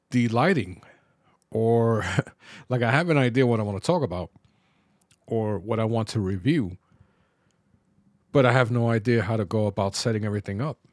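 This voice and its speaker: A middle-aged man from New York talking alone on his podcast, reflective and halting, pausing and restarting as he loses his thread. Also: medium pitch, dry recording, studio quality. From New York, Bronx. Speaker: podcast host. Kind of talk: personal podcast monologue.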